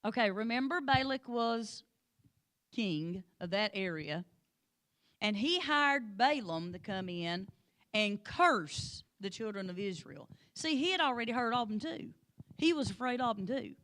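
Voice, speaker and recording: A woman teaching a Bible lesson, telling the story with lively energy and calling on class members by name. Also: mid-range voice, measured pace. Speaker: Sunday school teacher.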